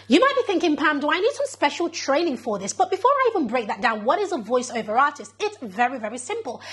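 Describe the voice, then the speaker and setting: A woman's voice: sits high, a bit bright. A woman hosting her own channel, talking to camera in a chatty, encouraging way and calling the viewer darling and girl. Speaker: business coach and channel host. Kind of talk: upbeat talk to camera.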